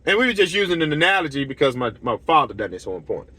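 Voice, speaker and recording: This middle-aged lawn care business owner fires off a heated, blunt rant to his channel's camera, repeating himself and acting out dialogue as he tells stories. His voice runs high with big pitch swings, bright and forceful, delivered rapid-fire in a slightly rough recording.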